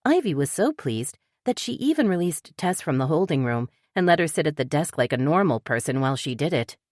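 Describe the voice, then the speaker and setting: A woman narrating a cozy mystery audiobook with lively character reading. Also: sits low, brisk, no echo, clean studio sound. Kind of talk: scripted narration.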